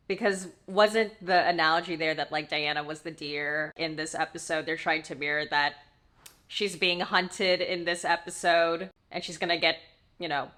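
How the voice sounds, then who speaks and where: A woman's voice: on the low side, a bit bright. Chatty, emotional woman reacting to a show. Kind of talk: casual reaction commentary.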